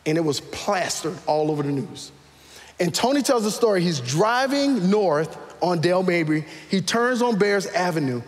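A man's voice: sits high, normal speed, long reverb tail. A man preaching a sermon as pastor to a live church congregation, calling out questions and asking for raised hands. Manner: animated, calls out questions to the congregation.

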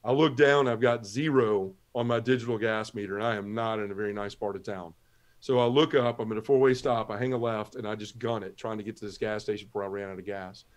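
A man's voice: on the low side, steady tone, fast talker. Man telling a vivid personal testimony. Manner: vivid storyteller acting out dialogue. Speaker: guest.

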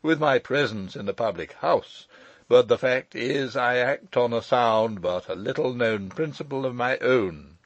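A man reading the part of a pompous elderly gentleman who lectures at length. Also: medium pitch, a little slow, no echo, muffled recording. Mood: anxious. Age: older. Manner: lecturing, long-winded. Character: pompous elderly male lecturer, self-important.

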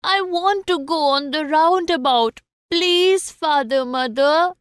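A small boy lost at a busy fair, as a woman puts him on, whines and pleads in a high, thin voice. He cries out over and over for his mother and father, drawing the words out slowly. It is storybook cartoon acting, recorded close and dry. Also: no room sound. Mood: pleading. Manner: whiny pleading, crying out.

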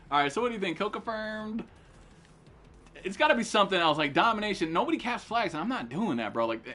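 A young man streaming a shooter game, cursing and trash-talking with friends in excited, loud outbursts. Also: fairly high pitch. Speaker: gaming streamer. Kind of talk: live gameplay commentary with friends.

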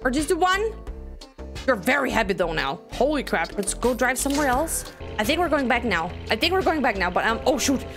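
A woman giving excitable let's-play commentary, gasping and chattering to herself as she plays. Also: on the high side, fairly quick, over music. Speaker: video game streamer.

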